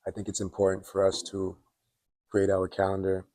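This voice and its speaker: A man from Dominica in his late twenties or thirties, talking through a casual motivational monologue for his vlog. He is candid and opinionated, fills his talk with "like", and clears his throat often. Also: low-pitched, monotone, normal speed, warm tone, no room sound, clean studio sound. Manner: candid, opinionated, filler-heavy with frequent "like". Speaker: self-improvement vlogger. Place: at his workplace.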